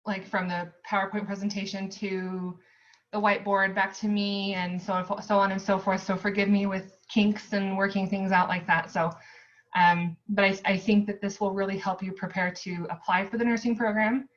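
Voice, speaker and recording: A woman's voice: mid-range voice, little pitch movement, normal speed, lo-fi sound. A young American woman giving a casual recorded lecture as a nursing student tutor, chatty and upbeat with lots of ums.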